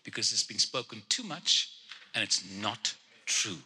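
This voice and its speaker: A man ministering as a guest prophet, speaking directly to people in the congregation and teasing them with quick jokes. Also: lowish voice, animated, pushed and bright, slight background noise.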